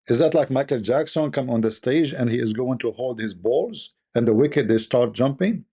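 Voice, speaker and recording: Scornful gravelly-voiced male commentator. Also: mid-range voice, animated, normal speed, dark tone. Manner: scornful, rhetorical questions, repeats himself. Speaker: online commentator. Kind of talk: casual live-stream commentary.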